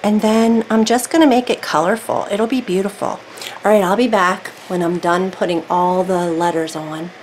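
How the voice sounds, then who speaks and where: A woman's voice: medium pitch, steady tone, normal speed, a little hiss or hum, rough recording. Chatty woman talking through a craft. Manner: chatty, self-talking while working, thinks aloud. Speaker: craft video creator. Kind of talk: casual real-time craft tutorial.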